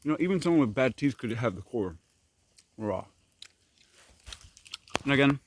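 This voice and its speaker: A man from Korea vlogging as he clears his fruit garden outdoors, musing in rambling asides and talking while chewing. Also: mid-range voice, lively intonation, normal speed, long pauses, no room sound. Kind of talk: casual walk-and-talk vlog. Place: outdoors in an overgrown tropical garden.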